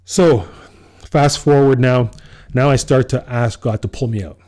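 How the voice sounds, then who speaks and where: A man co-hosting a casual podcast, telling a personal story with a dark, mellow voice. He acts out what he said to people and breaks into laughter along the way. His pitch sits in an ordinary middle range for a man. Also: measured pace. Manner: animated storyteller, acts out his own quoted lines, laughs often. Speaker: podcast co-host.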